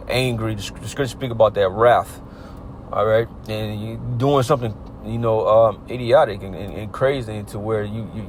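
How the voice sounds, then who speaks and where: A man preaches in a loose, conversational way, leaning on "you know" and "all right" and dropping the odd curse. His voice sits somewhat low. Faint traffic and outdoor noise run underneath. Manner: casual, repetitive, peppered with "you know" and "all right", swears. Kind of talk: informal street sermon.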